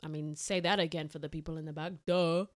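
A woman, co-hosting a casual chat, blunt, animated and swearing freely. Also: low voice, fast, no room sound, clean studio sound. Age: 20s. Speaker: podcast co-host.

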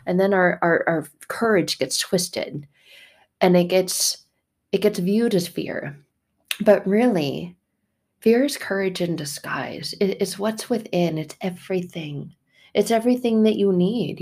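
A woman's voice: medium pitch, a little mellow. Emphatic woman giving an inspirational faith talk. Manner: emphatic, repetitive, casual with occasional swearing. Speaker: faith podcast host.

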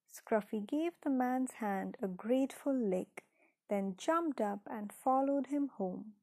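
A woman reading a children's story aloud in a gentle, unhurried way, dropping into soft whispered asides. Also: a little high, lively intonation, no echo.

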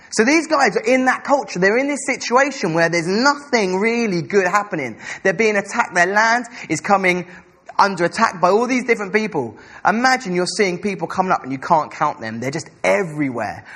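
Chatty young preacher, higher voice. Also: male voice, animated, fairly bright tone. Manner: chatty and self-deprecating, stumbles over names; slow careful scripture reading. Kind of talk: informal sermon.

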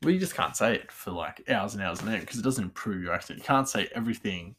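A man's voice: fairly low pitch, animated, fast talker, a bit bright, a little hiss or hum. A young man chatting casually about accents, rambling, self-correcting and laughing at himself. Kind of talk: casual chat.

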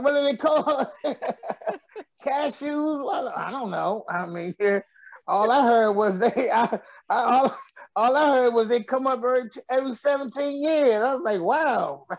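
A man's voice: very high-pitched, dry recording, highs cut off. A middle-aged man, a comedian guest telling stories with frequent laughs. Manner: laughs often, loose storytelling delivery. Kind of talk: joking radio interview chat.

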